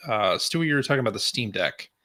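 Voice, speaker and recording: A man co-hosting a podcast in casual chat, relaxed and laughing as he talks. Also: on the low side, quick pace. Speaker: podcast co-host.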